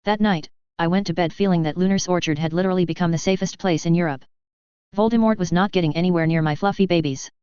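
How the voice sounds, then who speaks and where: A woman's voice: fairly low pitch, fast, a little mellow, clean tone, dry recording. A woman narrating a fan story in the first person with a bubbly, playful manner. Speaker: audiobook narrator. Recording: dull dry lo-fi audio.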